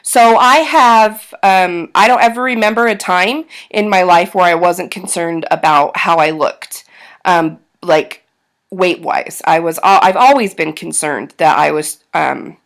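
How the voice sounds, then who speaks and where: Woman vlogging, thirties, candid, self-deprecating, hesitant ums, slightly low voice. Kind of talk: casual personal vlog.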